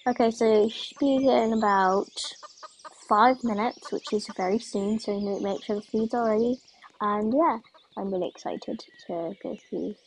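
A woman chatting casually as she vlogs, rambling along and trailing off into soft asides. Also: medium pitch, normal speed, slight background noise. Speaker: vlogger. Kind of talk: casual vlog chat.

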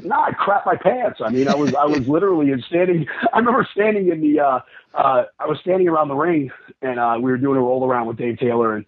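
Guy guest rattling off wrestling-style stories quick, kinda husky, sounds like a tinny phone line. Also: fairly high pitch. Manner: rambling, quick, lively with acted-out dialogue. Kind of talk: casual storytelling on a podcast.

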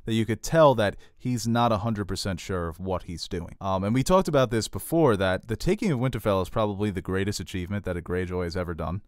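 A man's voice: lowish voice, dry recording, studio quality. A man co-hosting a podcast, recapping a TV episode in casual chat and joking with his co-host. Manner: jokey, animated recapping with quick quoted impressions. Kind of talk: casual chat about a TV show.

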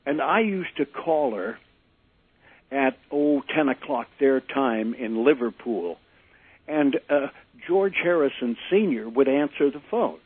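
Older man telling lively radio anecdotes. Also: medium pitch, slow, breathy edge, no room sound. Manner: animated anecdote teller, acts out quotes. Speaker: former disc jockey, guest. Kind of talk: storytelling interview. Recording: tinny phone-line sound.

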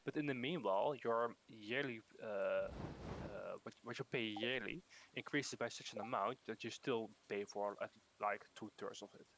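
Low-voiced stammering man. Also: normal speed, a bit bright, low-quality recording. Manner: stammering, restarts. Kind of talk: casual chat. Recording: clear background noise.

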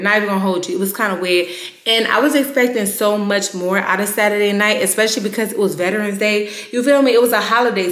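A young adult woman vlogging casually to her viewers, emphatic and animated, coming down with a cold. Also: medium pitch, no echo. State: getting sick. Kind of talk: casual direct-to-camera vlog.

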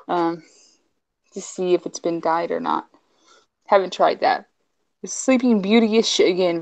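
A woman calling bids on a live online jewelry auction, brisk and chatty, repeating prices and urging viewers to type their numbers. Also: mid-range voice, darkish tone. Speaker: auctioneer co-host.

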